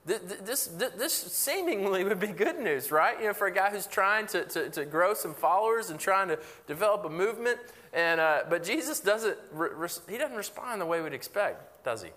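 A man's voice: high voice, animated, fairly quick, few pauses, sharp tone. A man giving a sermon in an earnest, conversational way, with frequent fillers and restarts. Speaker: pastor. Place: church sanctuary. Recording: long hall reverb.

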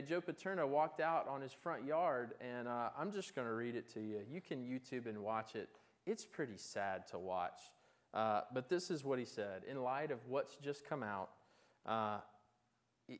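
A man's voice: mid-range voice, moderate pace. A man preaching a sermon in a conversational way, asking his listeners questions and often restarting his words. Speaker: pastor.

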